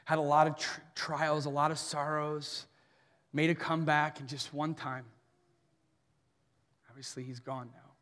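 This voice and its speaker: Earnest high-voiced man preaching. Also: flat delivery, a little slow, pauses often. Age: 30s. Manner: earnest, swings between soft and forceful. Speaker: pastor. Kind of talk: sermon. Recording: long hall reverb.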